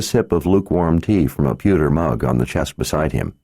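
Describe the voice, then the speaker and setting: A man narrating a fantasy audiobook in an expressive storytelling manner. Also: a bass voice, normal speed, few pauses, no echo, clean studio sound. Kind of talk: scripted narration.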